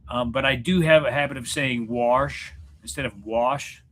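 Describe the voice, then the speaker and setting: In a casual livestream chat, a man in his 40s from Missouri, USA, rambles and jokes self-deprecatingly with viewers from a room at home, facing a mirror. He has a mid-range, fairly bright voice at a moderate pace.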